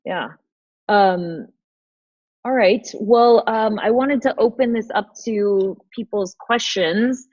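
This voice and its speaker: A woman's voice: medium pitch, takes it slowly, a little mellow, no echo. Thoughtful woman host on a video call. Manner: thoughtful, searching for words. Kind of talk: casual chat on a video call. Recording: dull, lo-fi video call audio.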